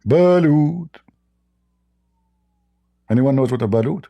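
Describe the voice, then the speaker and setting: A man's voice: medium pitch, moderate pace, mellow. A man hosting a live debate stream, blunt and mocking, speaking English with non-native grammar. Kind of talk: combative live-stream talk.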